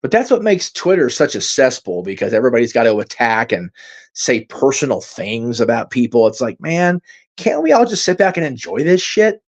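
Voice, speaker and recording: A man's voice: medium pitch, big pitch swings, normal speed. A man hosting a casual livestream, reading out viewer comments and reacting in a rambling, heated way, swearing freely and using many fillers. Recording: dull lo-fi stream audio.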